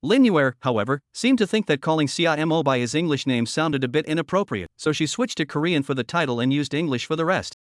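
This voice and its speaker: A man reading a scripted story recap in an even, steady way. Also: on the high side, brisk, hardly any pauses, no echo, clean studio sound. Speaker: narrator.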